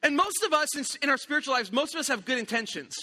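A middle-aged man preaching a sermon, telling a family story in a conversational way with lively quoted voices. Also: very high voice, fast. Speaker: pastor. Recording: long hall reverb.

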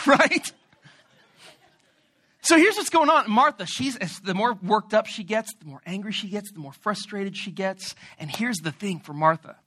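A man preaching a sermon as an animated, joking storyteller. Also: sits high.

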